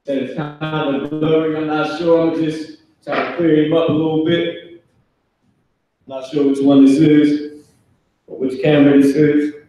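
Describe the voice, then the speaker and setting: His slightly high voice is flat and dark, delivered at a measured pace with long pauses as he teaches a live online Hebrew class by a classroom whiteboard. He stays loose and slangy, mimicking kids' voices for laughs, while the distant mic, echoey room and dull audio carry faint music behind.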